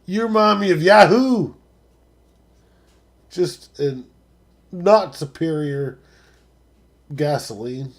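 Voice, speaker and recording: A man hosting a live stream, talking casually and profanely, dropping to mutters and then rising to excited shouts. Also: fairly high pitch, takes it slowly, pauses often.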